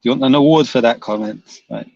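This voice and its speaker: A man's voice: mid-range voice, fast, gravelly, a little mellow, no echo, muffled recording. Teasing man reading live chat. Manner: teasing, laughs often, reads comments aloud. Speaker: livestream host reading chat comments. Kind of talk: casual livestream chat.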